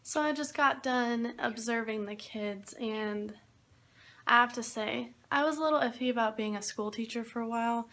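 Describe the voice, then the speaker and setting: Chatty young woman vlogger, slightly high. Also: moderate pace, bright, forceful tone. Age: young adult. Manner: chatty, storytelling, laughs easily. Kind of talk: casual vlog chat.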